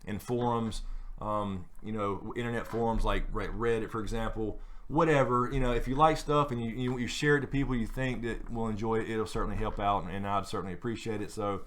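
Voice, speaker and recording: A man's voice: fairly low pitch, fairly even intonation, a little fast, fairly bright tone, slight background noise. Rambling male live stream host. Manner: rambling, many fillers and restarts. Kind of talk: casual live stream chat.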